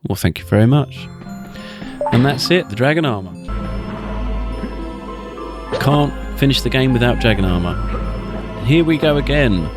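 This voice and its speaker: A man's voice: mid-range voice, animated, moderate pace, long pauses, over music. A man giving wry, chatty commentary over a game playthrough. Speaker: gaming channel host.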